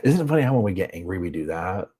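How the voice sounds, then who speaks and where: A man's voice: low voice, big pitch swings, rapid-fire, dark tone, slightly rough. A man from the American South with a Southern accent, hosting a casual live chat and answering viewer comments. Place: home, on a sofa.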